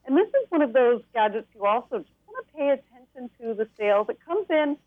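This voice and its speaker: A woman's voice: high voice, big pitch swings, quick pace, no echo. A woman giving a bubbly, enthusiastic rundown as a tech expert guest on a TV segment, laughing now and then. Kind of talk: TV segment interview, product rundown. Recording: tinny phone line.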